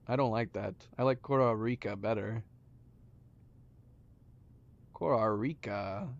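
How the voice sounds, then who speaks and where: A man playing a puzzle game and commenting as he goes, mumbling to himself and then breaking into loud surprised outbursts. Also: fairly low pitch, gravelly. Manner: excitable, quick swings between mumbling and loud exclaims. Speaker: gaming channel host. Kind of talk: let's play commentary. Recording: dull lo-fi sound.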